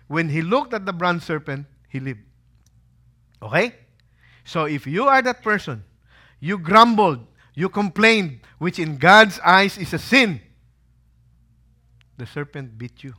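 A man preaching a sermon with a bright, forceful voice pitched a little above most men's. He keeps asking his listeners questions and answers them himself. He acts out quotes as he goes. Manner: lively preaching, rhetorical questions, acted quotes. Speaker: pastor. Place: holy site visit.

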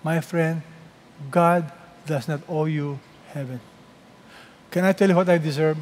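A man delivers a sermon with emphatic phrasing, pausing before key words and letting them fall to a near hush. His voice sits fairly high for a man. A long hall reverb trails each line. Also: fairly even intonation. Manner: emphatic preaching with dramatic pauses and soft drops. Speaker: pastor.

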